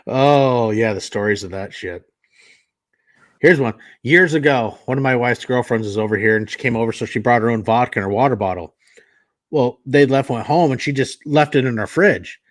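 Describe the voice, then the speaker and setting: A man's voice: mid-range voice, normal speed, pauses often. A man in his forties hosting a casual podcast chat, laid-back and swearing now and then as he tells stories. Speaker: podcast host.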